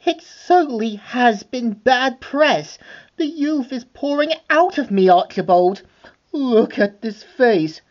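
A shrill, haughty villainess, vain and obsessed with fashion, as a woman puts her on while reading a comic aloud. She swoops up high and drags out her words with grand theatrical flair. The recording sounds dull and lo-fi. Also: expressive, slow, darkish tone.

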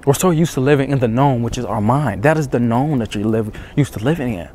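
Man, dating coach, hushed intense delivery, repetitive urging, shivering cold, outdoors before dawn, faint background hum. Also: medium pitch, quick pace. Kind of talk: motivational talk to camera.

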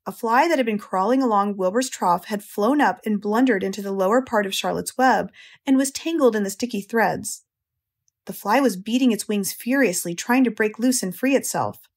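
An American woman narrating a children's audiobook in a slow, clear, gentle way. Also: medium pitch. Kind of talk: storybook narration.

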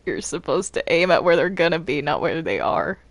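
A man's voice: on the high side, big pitch swings, a little fast, creaky, fairly bright tone, no echo, full character voice. A man voicing a flustered male cartoon demon in a game role-play, stammering and repeating words. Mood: stern. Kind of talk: Minecraft role-play acting.

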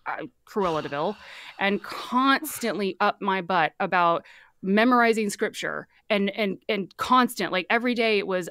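A woman with a light Southern accent, a guest telling her story in a candid, animated, casual way. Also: mid-range voice, normal speed, smooth, no echo, clean studio sound. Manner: candid, animated, swears freely.

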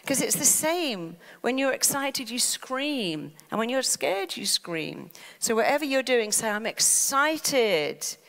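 A woman, a therapist giving an animated motivational talk on stage and acting out quotes as she tells stories. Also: fairly high pitch, a little slow, gravelly, few pauses. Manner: animated storytelling with acted quotes. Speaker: therapist and speaker. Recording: long reverb of a large hall.

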